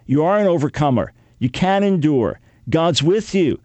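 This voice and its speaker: An older man in his sixties teaching a sermon, reading Bible verses and acting out dialogue with God in an animated way. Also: fairly high pitch, normal speed, dry recording.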